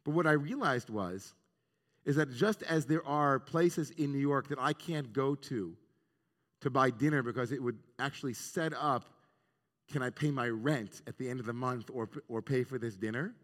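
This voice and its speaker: Earnest rabbi preaching in a reverberant hall. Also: male voice, medium pitch, moderate pace. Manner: reflective, earnest, weaves in Hebrew terms. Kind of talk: sermon on the weekly Torah portion. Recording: long reverb of a large hall.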